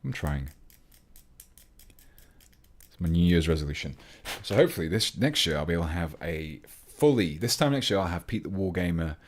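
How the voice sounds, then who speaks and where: An English man with a very low voice chats through a livestream at his workbench. He rambles easily as he works, breaking off to greet viewers and answer their comments. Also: animated, normal speed, long pauses. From England. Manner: chatty, rambling, reads chat aloud mid-task. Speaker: hobby livestream host. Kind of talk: casual livestream chat while building models.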